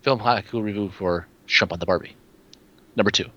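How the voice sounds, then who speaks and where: A man co-hosting a movie podcast in casual chat, animated and stammering, reading short poems slowly and dramatically. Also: lowish voice. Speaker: podcast co-host. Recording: dull lo-fi recording with background noise.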